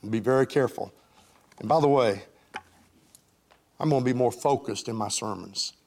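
A middle-aged man preaching a sermon, fervent, rising to loud highs and falling to soft lows. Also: normal speed, creaky. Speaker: pastor.

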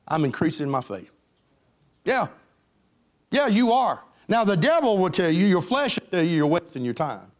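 A middle-aged man preaching a sermon, fervent, rising to loud highs and falling to soft lows. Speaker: pastor.

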